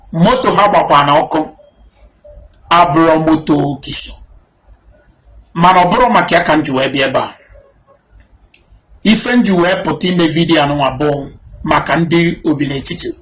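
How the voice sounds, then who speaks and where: A man's voice: on the high side, fairly bright tone, poor audio. A man with a Nigerian accent addressing the camera, earnest, mixing Igbo and English. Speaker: community spokesman making a video appeal.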